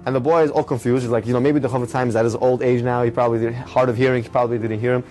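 A man telling an inspirational religious story in a conversational, animated way. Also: medium pitch, very fast, soft background music. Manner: conversational, animated with many fillers.

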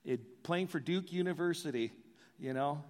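A man preaching a sermon as pastor, animated and joking in asides. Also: a little high, moderate pace, in a large hall.

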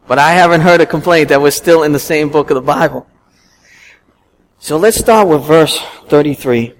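Guy preaching in church, high voice, lively storytelling, bit of background hiss. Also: normal speed, poor audio. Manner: storytelling, animated, emphatic. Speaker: pastor. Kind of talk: sermon.

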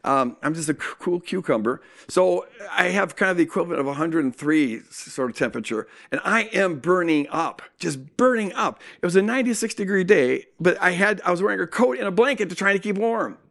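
A man telling a personal story in a sermon, animated and acting out what people said. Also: high-pitched, fast, creaky, hardly any pauses. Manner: animated storytelling with acted-out quotes. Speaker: speaker.

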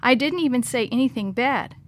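A woman's voice: fairly high pitch, a little fast, lightly acted. A woman reading aloud, voicing a boy who is a defensive, casual older brother.

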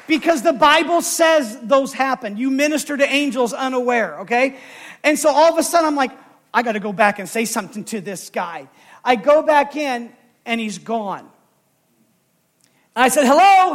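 High-voiced emotional male preacher. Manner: emotional, building to shouting. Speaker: pastor. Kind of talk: sermon with personal story.

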